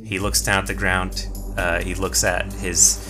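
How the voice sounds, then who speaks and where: A man narrating as game master of a tabletop game, relaxed and chuckling. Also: sits low, unhurried, over music.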